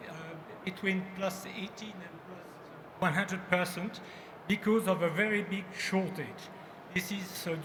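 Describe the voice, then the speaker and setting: A man with a French accent giving a startup pitch on stage in a halting, apologetic way. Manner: halting, apologetic, hesitant delivery. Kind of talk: business pitch presentation. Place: large exhibition hall stage. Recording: echoey hall with background noise.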